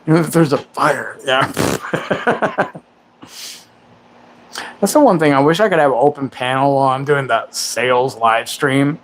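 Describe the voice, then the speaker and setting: A man's voice: medium pitch, a little slow, pauses often. Crude, joking man in his forties. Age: 40s. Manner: crude, joking, self-mocking. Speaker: livestream host. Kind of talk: rambling casual livestream chat.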